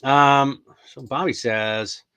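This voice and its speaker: A middle-aged man runs a casual live English lesson, with a voice of ordinary middle pitch. He talks in a loose, rambling way, full of ums, repeated words and restarts. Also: steady tone, slow pace, sharp tone, clear, resonant tone. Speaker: English teacher hosting a live stream.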